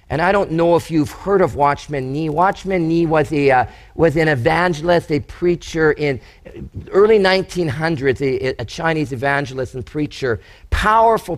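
A man preaching a sermon, telling stories and acting out the words of the people he quotes, with lively, emphatic delivery. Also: a little high. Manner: animated, storytelling preacher who acts out quotes. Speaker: pastor.

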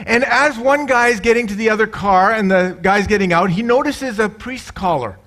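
A middle-aged male pastor preaching a sermon, animated, mixing jokes with scripture and acting out quoted voices. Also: moderate pace. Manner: animated, acts out quoted voices with loud high bursts.

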